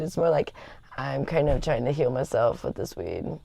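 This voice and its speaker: A woman's voice: deep voice, normal speed, vocal fry, a little mellow, dry recording. A woman chatting casually on a livestream, rambling with lots of fillers and laughter. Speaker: livestream host. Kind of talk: casual chat.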